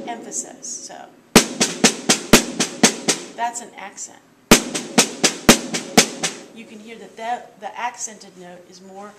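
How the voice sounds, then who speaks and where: A woman's voice: mid-range voice, recorded from a distance. A woman teaching a percussion lesson, explaining patiently step by step with small fillers. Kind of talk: instructional demonstration. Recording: echoey room, voice off-mic, with drumming.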